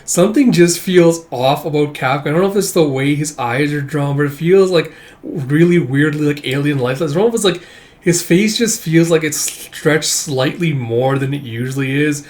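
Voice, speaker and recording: A man's voice: fairly high pitch, normal speed, a little mellow. A man hosting a comic read-through channel, talking casually and rambling, with lots of fillers and some casual swearing. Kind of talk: casual reading commentary.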